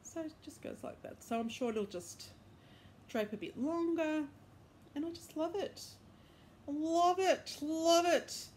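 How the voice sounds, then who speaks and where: In her bedroom, a crochet and knitting podcaster chats in a casual show-and-tell, upbeat and enthusiastic, wandering off with fillers and correcting herself. Her high voice is expressive and mellow at a normal speed, and there's a little hiss or hum.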